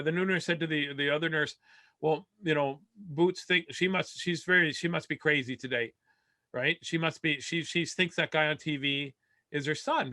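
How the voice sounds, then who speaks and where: A man's voice: a little high, sharp tone, no room sound. A man from Canada telling a comic family story over a video call, rambling along with stammered restarts and laughing at his own jokes. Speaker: comedian.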